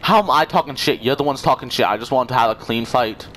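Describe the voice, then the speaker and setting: A man's voice: mid-range voice, quick pace, fairly bright tone, a little hiss or hum. Sarcastic young man trash-talking. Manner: sarcastic, mocking, swearing. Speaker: gamer. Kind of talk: trash-talking online game voice chat.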